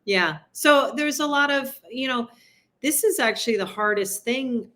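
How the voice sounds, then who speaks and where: A woman's voice: a little high, sharp tone. A woman from New York City, a city council candidate, talking casually in an interview with frequent asides and laughs. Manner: chatty, quick asides, laughs at her own points.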